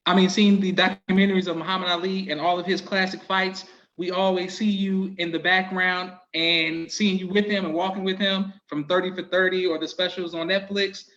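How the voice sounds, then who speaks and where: Man, podcast host, polite and deferential, high voice. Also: flat delivery, moderate pace, few pauses, a bit bright, highs cut off. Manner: polite, deferential, often says "yes, sir". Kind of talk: interview questions.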